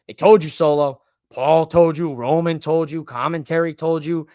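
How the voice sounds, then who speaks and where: A man's voice: fairly high pitch, steady tone, normal speed, dark tone, dry recording, clean studio sound. Hyped man rambling through a wrestling recap. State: out of breath. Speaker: wrestling show host. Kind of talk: solo livestream recap chat. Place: home studio in a living room. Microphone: livestream mic.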